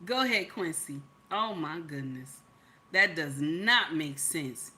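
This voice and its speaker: A woman giving casual reaction commentary on a vlog, animated and exclamatory, full of chatty asides. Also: sits low, slow. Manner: animated, exclamatory, mimics others' voices. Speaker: YouTube commentator.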